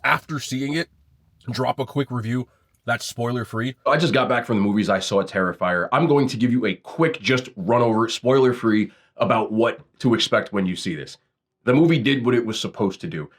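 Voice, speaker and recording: A food vlogger, a man, reviews sandwiches casually and scores each one, speaking bluntly and swearing freely. His pitch is ordinary and mid-range, and he keeps a moderate pace. The recording is close and dry, with no room sound or echo.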